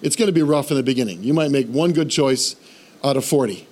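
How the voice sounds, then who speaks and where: A man's voice: mid-range voice, fast talker. A man preaching a sermon, telling a humorous personal story and building to a fervent call to faith. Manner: animated storytelling, self-deprecating humor; rises to fervent exhortation.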